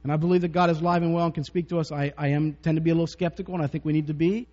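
Speaking very fast in a steady, mellow, fairly high voice, a man preaches, weaving in personal stories and jokes with frequent chuckles. The recording is muffled and dull, with a long reverb tail.

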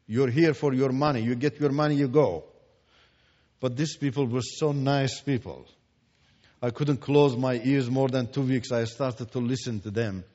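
A man's voice: medium pitch, steady tone, moderate pace. Emphatic man. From Iran. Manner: emphatic, repeats words for stress, swings from hushed to loud. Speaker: Christian teacher giving testimony. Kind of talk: preached testimony. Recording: echoey hall, dull lo-fi sound.

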